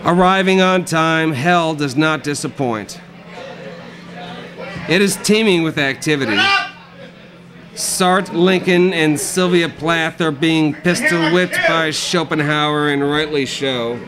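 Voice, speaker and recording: A man reading his own dark comic prose aloud at a live cafe reading, with a dry, sardonic delivery. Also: a little high, slow pace, crowd noise, rough recording.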